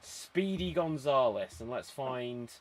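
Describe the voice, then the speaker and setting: A man hosting an online improv show over a video call, brisk and chatty, laughing often. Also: medium pitch, animated.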